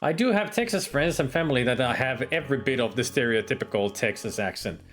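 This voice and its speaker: Guy streaming a game, mid-pitch voice, rambly jokey commentary, quiet game music behind. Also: lively intonation, fast. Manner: chatty, joking, rambling asides. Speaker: gameplay streamer. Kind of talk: casual gameplay commentary.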